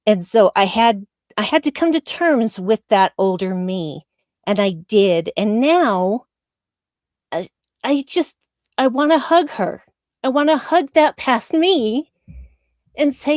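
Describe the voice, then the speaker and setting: A woman's voice: a little high, animated, takes it slowly, long pauses, a little mellow, dry recording, clean studio sound. A woman co-hosting a live online chat show, talking candidly and earnestly on a video call. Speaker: co-host. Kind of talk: casual chat.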